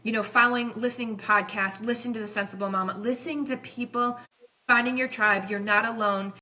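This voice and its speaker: A woman's voice: on the high side, fairly even intonation, a little fast, pushed and bright. A woman in her forties, a chiropractor guest on a podcast, telling stories in an earnest, passionate, rambling way. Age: 40s. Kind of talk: emotional podcast storytelling.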